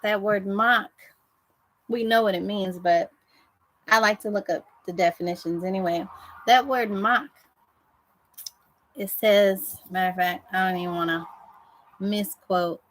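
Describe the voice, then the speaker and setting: A woman's voice: medium pitch, steady tone, unhurried, pauses often, sharp tone, rough recording. A woman preacher giving a devotional sermon in a fervent, conversational way, repeating phrases for emphasis.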